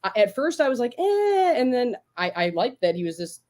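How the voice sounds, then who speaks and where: A woman co-hosting a casual podcast chat, talking in an animated way with many restarts and acted-out quotes. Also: mid-range voice, a little fast. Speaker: podcast co-host.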